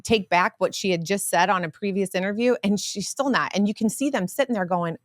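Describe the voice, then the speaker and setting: A woman's voice: medium pitch, brisk, dry recording, studio quality. A woman co-hosting a political podcast, with an American accent, speaking in an emphatic, scornful way. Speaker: podcast co-host. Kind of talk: political commentary chat.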